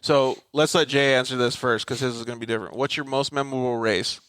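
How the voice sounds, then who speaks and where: Playful man asking quick-fire questions. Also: mid-range voice, steady tone, fairly bright tone, smooth, no room sound. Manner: playful, teasing, quick reactions. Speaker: podcast host. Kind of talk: casual rapid-fire interview questions.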